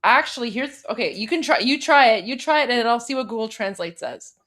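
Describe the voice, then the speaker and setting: A young woman co-hosting a live stream, chatting in an upbeat way with quick asides. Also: a little high, animated, a bit bright. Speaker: co-host. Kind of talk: casual livestream chat.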